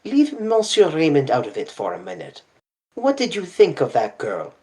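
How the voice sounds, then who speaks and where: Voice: medium pitch, wildly swooping pitch, moderate pace, warm tone. A reader doing the voice of a fussy, intense older male detective in an audiobook, talking in a precise, probing way. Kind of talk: audiobook character reading.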